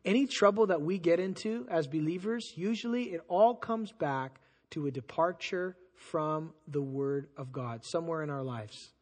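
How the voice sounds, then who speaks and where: A man preaching a sermon as pastor, conversational and animated, acting out the people he quotes. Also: fairly high pitch, moderate pace. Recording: long hall reverb.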